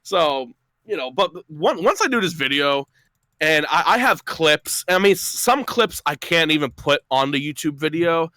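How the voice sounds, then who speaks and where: A man talks as a guest on a casual call-in show, rambling through a story with plenty of swearing and laughter. His voice sits fairly high and sounds bright. The recording is dry. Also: lively intonation, normal speed, dry recording.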